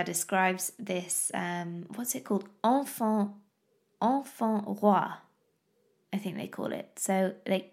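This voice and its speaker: A woman, chatting casually to camera about her toddler, animated, laughing often and losing her thread mid-sentence. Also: mid-range voice, vocal fry.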